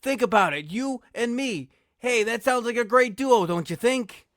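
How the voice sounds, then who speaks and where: A man's voice: extremely high pitch, lively intonation, moderate pace, fairly bright tone, no echo, clean studio sound, pitched above the performer's own voice. A man putting on a Mexican-American accent to voice a sly, taunting male wrestler. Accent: Mexican-American, put on. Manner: playful, taunting, slangy. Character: cocky sly male wrestler, teasing and smooth-talking.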